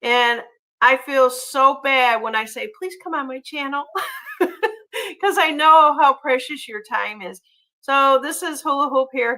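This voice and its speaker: A woman hosting a casual livestream, chatty and gushing, often pausing on ums and uhs as she reads viewer comments. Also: a little high, sharp tone, poor audio. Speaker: livestream host.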